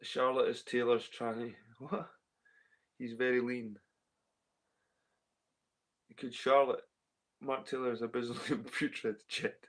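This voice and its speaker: Scottish guy rambling on a stream, swears a lot, repeats himself, average pitch. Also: flat delivery, unhurried, long pauses. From Scotland. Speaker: livestream host reading chat. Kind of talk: casual livestream chat.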